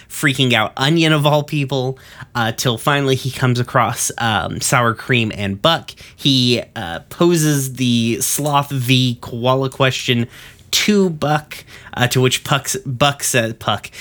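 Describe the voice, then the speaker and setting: Bright-voiced man casually recapping a cartoon. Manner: loose, rambling, lots of ums and uhs, acts out quotes in higher voices. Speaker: podcast co-host recapping an episode.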